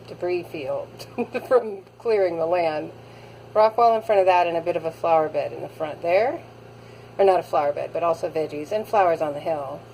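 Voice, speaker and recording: A woman's voice: lowish voice, darkish tone, a little hiss or hum, low-quality recording. A woman chatting casually as she vlogs her garden work, thinking aloud with fillers, recorded outdoors. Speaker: vlogger. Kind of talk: casual garden vlog narration.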